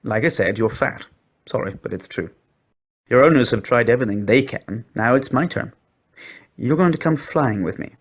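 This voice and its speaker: A man's voice: mid-range voice, expressive, normal speed, lightly acted. A man voicing a blunt, tactless male unicorn who speaks in a matter-of-fact way, in a storybook reading.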